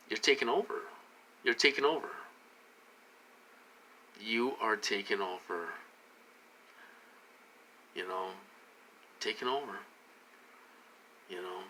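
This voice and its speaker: After a drink, a man talks to his camera in a looping, repetitive ramble, constantly starting over. His volume swings from shouting to quiet mumbling, with slight background noise behind him.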